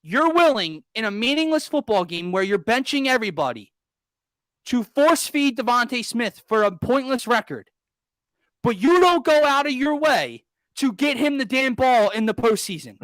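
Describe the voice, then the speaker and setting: Young male sports host, high bright voice, exasperated rants, dry close sound. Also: very animated, moderate pace, no echo. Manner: exasperated, ranting, sarcastic. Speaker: podcast host. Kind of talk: casual sports talk.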